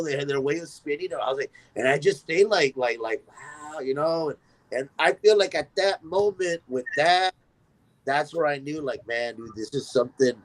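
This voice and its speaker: A man tells a story as a musician guest on a podcast interview, with his voice sitting a little above the usual range for a man. He talks in an animated way and acts out the voices of the people in his tale. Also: a little high, rough recording.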